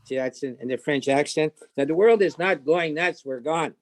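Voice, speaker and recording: A man chats in a halting, stop-start way on a video call, often humming bits of old songs. His voice sits a little high, and it sounds close and dry. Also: no room sound. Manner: halting, many restarts, hums song snippets. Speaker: class participant. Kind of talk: casual chat.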